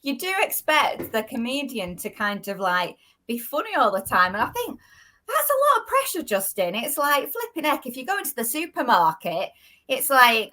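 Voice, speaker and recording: A woman hosting a casual interview, bubbly and enthusiastic, quick to laugh. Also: high voice, sing-song, pushed and bright. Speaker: host.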